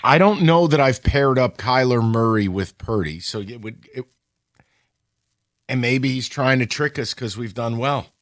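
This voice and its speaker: A man hosting a sports radio show in a studio, bantering excitably with his co-hosts. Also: mid-range voice, no echo. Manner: excitable, quick banter, whoops when right. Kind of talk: casual sports talk.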